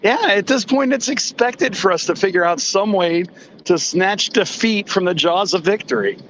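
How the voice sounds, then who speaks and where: A man's voice: sits high, normal speed, fairly bright tone. A man on a sports talk panel, chatting casually and knowingly about the game. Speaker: panelist at a live venue. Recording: lo-fi with faint background noise.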